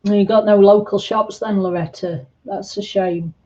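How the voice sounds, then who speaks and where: A woman chatting gently on a livestream, answering viewers' comments in a reassuring way. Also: medium pitch, steady tone, unhurried, dull audio. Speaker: livestream host. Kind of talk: casual livestream chat reading comments.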